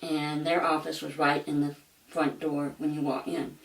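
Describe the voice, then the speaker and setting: An older woman with a Southern American accent, telling a funny story in a slow drawl for her vlog. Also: deep voice, little pitch movement, gravelly, echoey room, distant mic, poor audio. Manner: slow, drawling, laughs through punchlines. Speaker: vlogger. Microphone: camcorder mic.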